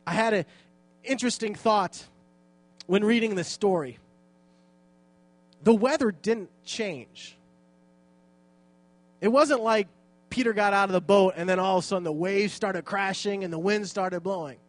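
A man's voice: high-pitched, measured pace, pauses often, dry recording. A man teaching a Bible passage in a casual, joking and self-deprecating way, reading scripture aloud between his remarks.

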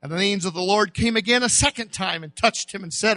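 Impassioned high-voiced male preacher. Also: fast, hardly any pauses, no room sound. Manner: impassioned, shouting and crying out. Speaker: pastor. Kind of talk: sermon.

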